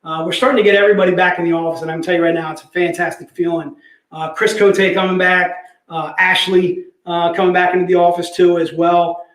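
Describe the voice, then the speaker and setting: A man's voice: sits high, level tone, fast, a bit bright. A man hosting a casual live sales stream from an office, joking around, laughing often and calling people "dude". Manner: jokey, laughs often, says "dude" a lot. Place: company office. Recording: roomy echo.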